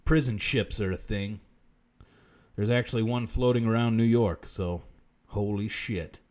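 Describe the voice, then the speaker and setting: At a measured pace and with a fairly low pitch, this live-stream comedy host mutters profane material in a deadpan way, then suddenly shouts.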